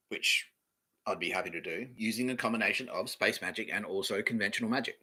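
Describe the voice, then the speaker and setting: A man with a fairly low, husky voice, bright and forceful in tone, talks fast and expressively while hosting his own podcast to camera. His solo monologue rambles, swears, and keeps contradicting itself.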